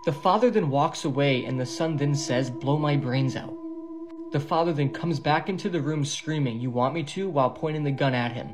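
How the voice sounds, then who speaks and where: A man recounting a viral video step by step in a steady, matter-of-fact way. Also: a little high, normal speed, music in the background. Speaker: video narrator.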